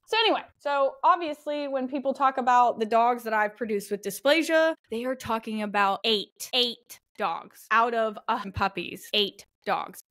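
A woman's voice: medium pitch, a bit bright. A woman dog breeder, telling her side of a dispute in a defensive, emphatic, casual monologue. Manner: defensive, emphatic storytelling with acted-out quotes. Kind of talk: casual monologue answering questions.

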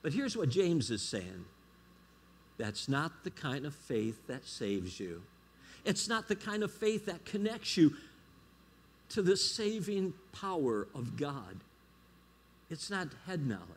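Middle-aged male guest preacher, husky, slightly high voice, emphatic sermon delivery. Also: sing-song, slow pace, long pauses. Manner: emphatic, checks in with the congregation.

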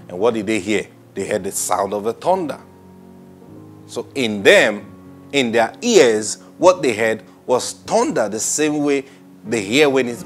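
A man preaching a Bible study sermon, animated, acting out quoted voices and laughing often. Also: mid-range voice.

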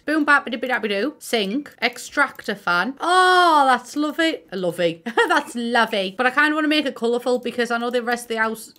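A woman's voice: a little high, a bit bright. A young woman with a Middlesbrough accent, chatting casually and talking to herself as she builds in a game, sweary and self-mocking. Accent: Middlesbrough English. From Middlesbrough, England. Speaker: gaming YouTuber.

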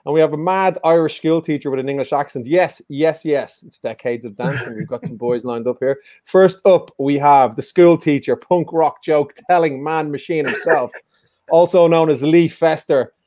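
A man's voice: fairly high pitch, normal speed, warm tone, no echo. Jokey male quiz host, dry sound. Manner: joking, teasing, playful banter. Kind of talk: casual quiz hosting over live stream.

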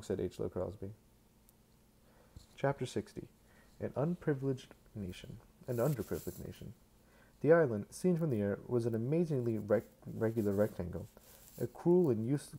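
A man's voice: on the low side, vocal fry, dark tone, breathy edge. A man doing a casual fan reading of a novel, tossing in joking asides and restarting words. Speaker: fan reader.

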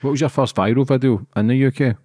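A man's voice: mid-range voice, fast, darkish tone, no echo, studio quality. A man hosting a podcast, talking bluntly and swearing casually. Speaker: podcast host.

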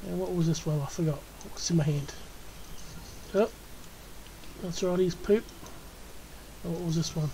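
Mellow Australian woman coaxing game pets. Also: on the low side, a little hiss or hum, low-quality recording. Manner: chatty, coaxing and cooing at in-game animals. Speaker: gaming channel host. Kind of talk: casual gameplay commentary.

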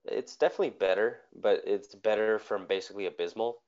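A man talking as a guest on a casual streamed show, giving quick, plain-spoken opinions. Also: fairly low pitch, darkish tone. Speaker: guest player. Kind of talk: casual chat. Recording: dull lo-fi stream audio.

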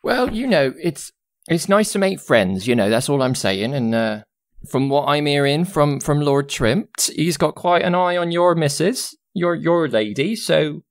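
A man's voice: fairly high pitch, expressive, measured pace, voice pushed up. A man voicing a chatty, motherly female housekeeper, fussy and familiar. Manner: fussy, familiar, calls people darling.

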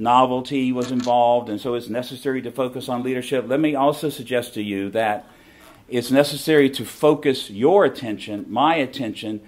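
A middle-aged man with a Southern American accent, giving an emphatic preaching talk and repeating his key phrases. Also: medium pitch. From southern United States. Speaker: conference speaker.

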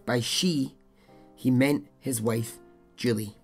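A man's voice: mid-range voice, fairly even intonation, slow pace, faint music behind. A man hosting a podcast, telling a true-crime story in a chatty, blunt way, swearing and adding his own asides. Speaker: podcast host.

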